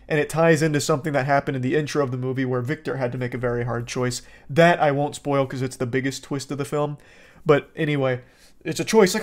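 A man's voice: a little high, a little fast, darkish tone. A man hosting a movie review, talking sarcastically and rambling with many fillers. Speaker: host.

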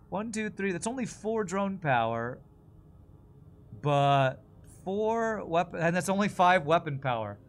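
A man's voice: fairly high pitch, fairly bright tone. Chatty man streaming a strategy game. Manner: chatty, thinks aloud and answers viewer messages. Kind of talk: casual live gameplay commentary.

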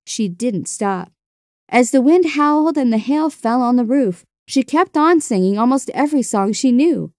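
A woman narrating a children's storybook in a gentle, expressive way. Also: fairly high pitch, no echo, clean studio sound.

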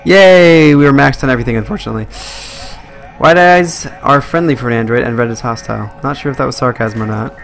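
A man's voice: mid-range voice, quick pace, vocal fry, soft background music. A young man commentating a live horror game stream, jumpy and swearing at scares. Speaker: let's play streamer.

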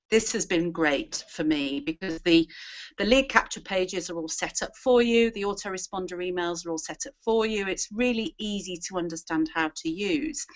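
Woman, chatty and self-deprecating, mid pitch, dull lo-fi call audio. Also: fairly bright tone. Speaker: guest marketer. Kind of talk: casual online hangout chat. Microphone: video call.

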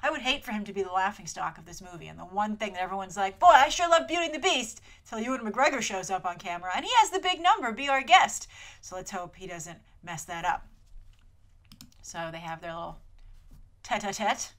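Lively, bright-voiced woman reviewing trailers. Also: medium pitch, fairly quick. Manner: chatty and animated, full of asides and filler words; playful, slips into mock voices when quoting. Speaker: host of a movie trailer review show. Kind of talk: casual trailer review commentary.

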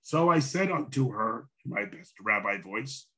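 A man who is a rabbi gives a conversational lecture, telling a story with dry humor in a hoarse voice. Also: on the low side, animated, measured pace, bright, forceful tone. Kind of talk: sermon-style lecture with storytelling.

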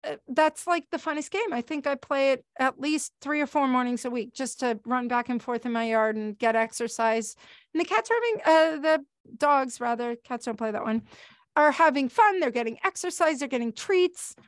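Middle-aged woman trainer, high bright voice, lively webinar presenter, dry close sound, no room echo. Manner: chatty and animated, talks fast with fillers. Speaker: pet trainer. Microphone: video call.

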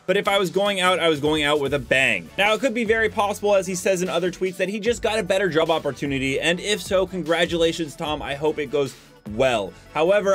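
A man giving casual gaming commentary as a YouTuber, chatty with joking asides. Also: a little high.

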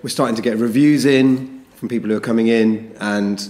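A man who is a chef, talking as a podcast guest in a relaxed, measured way. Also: medium pitch. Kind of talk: casual podcast interview.

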